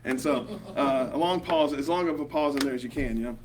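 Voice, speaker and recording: A man's voice: mid-range voice, a little fast, a crowd in the background. A man with a Southern accent leading a small group Bible study, talking casually and rambling, with lots of ums and "you know". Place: small group meeting room. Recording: distant mic with faint hum.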